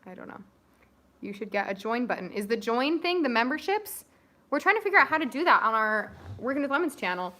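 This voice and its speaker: A young woman co-hosts a casual family livestream, chatting with viewers and offering audition tips. Her slightly high voice is brisk and sharp, with big swings in pitch.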